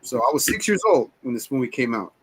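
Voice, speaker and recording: A man's voice: mid-range voice, animated, quick pace, fairly bright tone, slightly rough. A man in his forties co-hosting a casual movie review chat, rambling and swearing as he retells scenes. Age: 40s. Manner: rambling, profane, retells scenes in quoted voices. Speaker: podcast co-host.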